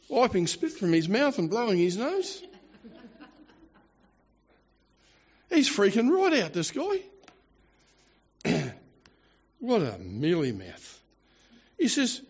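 A man preaching a sermon, animated and theatrical, with mocking asides. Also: high voice, takes it slowly, pauses often, husky, long reverb tail. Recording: dull lo-fi recording.

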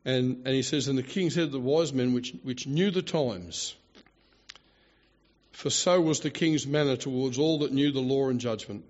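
A man preaching a sermon, animated and theatrical, with mocking asides. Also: mid-range voice, normal speed, in a large hall. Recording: dull lo-fi recording.

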